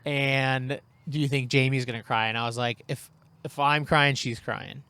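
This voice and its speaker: Male podcast co-host, casual storyteller, lively with quoted lines, dry close sound. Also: mid-range voice, normal speed, clean tone, no echo. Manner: animated, acts out quoted lines.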